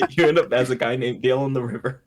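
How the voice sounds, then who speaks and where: Casually chatting on a comedy podcast he co-hosts, a man walks through a show scene by scene. He laughs a lot and keeps adopting put-on voices for the characters, speaking in an ordinary middle pitch with a darkish tone.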